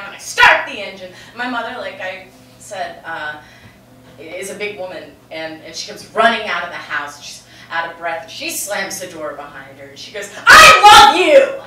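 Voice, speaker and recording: A woman's voice: mid-range voice, bright, forceful tone, slight background noise. A young adult woman telling a frank personal story on stage, rambling and profane, with many "like" fillers. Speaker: open-mic storyteller. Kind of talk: confessional stand-up storytelling. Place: stage in a roomy venue with a live audience. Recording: echoey room from far off.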